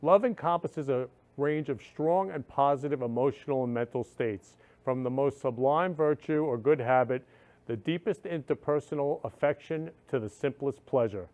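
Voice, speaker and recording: A man's voice: medium pitch, moderate pace, a little mellow, dull audio. A man hosting a talk show, speaking in an earnest, emotional monologue that keeps repeating itself. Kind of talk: heartfelt monologue.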